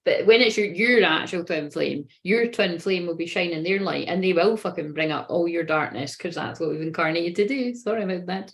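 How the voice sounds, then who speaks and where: A woman's voice: lowish voice, normal speed, few pauses. A woman running a casual live tarot reading. She talks in a rambling, sweary way and often breaks into giggles. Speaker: tarot reader.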